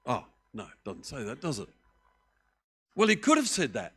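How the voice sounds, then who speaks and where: A middle-aged man, preaching a sermon as pastor, telling the story with lively acted-out voices that swing from loud to hushed. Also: medium pitch, moderate pace. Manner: animated storytelling, acting out voices with big swings in loudness.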